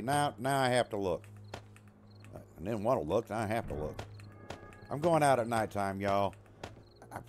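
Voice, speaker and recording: Male streamer, lively pitch, casual banter with his chat. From USA. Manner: chatty, talks to his chat and his dog, jokey. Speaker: streamer playing a survival game.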